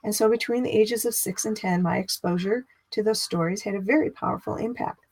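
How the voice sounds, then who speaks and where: Middle-aged woman, spiritual teacher, chatty teaching talk, expressive, slight vocal fry. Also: mid-range voice, a little fast. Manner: expressive, lifts her voice for inner dialogue.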